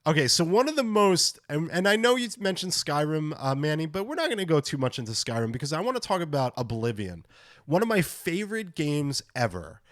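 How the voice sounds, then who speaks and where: Excited man hosting a gaming podcast. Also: on the high side, a little fast, dry recording, studio quality. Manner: enthusiastic, rambling, reacting to clips. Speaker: podcast host. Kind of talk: casual gaming podcast chat.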